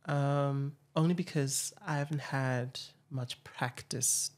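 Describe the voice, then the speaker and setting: A man's voice: medium pitch, fairly even intonation. Hesitant young man hosting. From South Africa. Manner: hesitant, reflective, many pauses and fillers. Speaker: podcast host. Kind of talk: casual interview chat.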